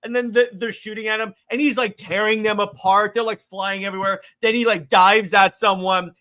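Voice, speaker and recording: Bright excitable man retelling a movie. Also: high-pitched, normal speed. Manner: excitable, stumbling restarts, animated retelling. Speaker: podcast co-host. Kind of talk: casual movie discussion.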